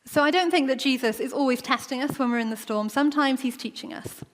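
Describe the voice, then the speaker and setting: A woman's voice: high-pitched, fast. A woman preaching a sermon in a church, talking in a conversational way and acting out the quoted voices. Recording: long church reverb.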